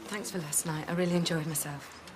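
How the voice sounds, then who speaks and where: A woman's voice: low-pitched, fairly even intonation, brisk, background noise, lightly acted. An actress playing a nervous, hesitant woman arranging a date in a TV soap scene. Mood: flustered. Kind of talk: TV soap acting.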